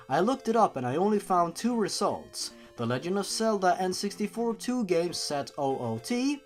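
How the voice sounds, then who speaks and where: A man narrating a horror story for laughs, reading deadpan and breaking off into sarcastic asides. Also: high-pitched. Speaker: YouTube narrator.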